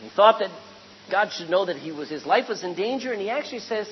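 A woman's voice: medium pitch, fast talker, long reverb tail, highs cut off, a little hiss or hum. A woman preaching a sermon to a congregation, asking rhetorical questions and acting out the lines she quotes.

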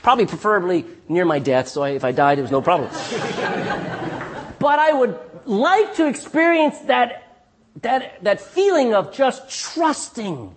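A man's voice: high voice, unhurried, slight background noise. A middle-aged male pastor preaching a sermon, telling stories and calling out "Amen?" to his congregation. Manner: calls out "Amen?" to the congregation, lively storytelling with restarts.

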